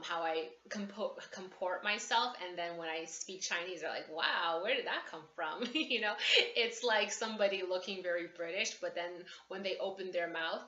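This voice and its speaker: A woman with a low-set but bright, ringing voice talks casually through a lesson, wandering into asides and correcting herself as she goes. Her voice sits in a roomy space, with a slightly dull, muffled tone and a faint hiss underneath. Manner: chatty and digressive, with frequent asides and self-corrections. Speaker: course instructor. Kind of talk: casual teaching talk to camera.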